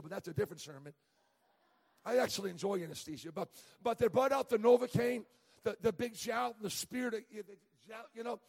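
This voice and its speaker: High-voiced husky male preacher in a reverberant church. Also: a little mellow. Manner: storytelling with humor, many stammered restarts. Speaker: evangelist preacher. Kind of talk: sermon. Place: church sanctuary.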